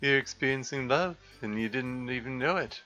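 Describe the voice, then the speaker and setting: A man's voice: medium pitch, normal speed, sharp tone, soft background music, voice pushed up, lightly acted. A man with an attempted Yorkshire accent voicing a teasing, sarcastic older brother while reading a visual novel aloud.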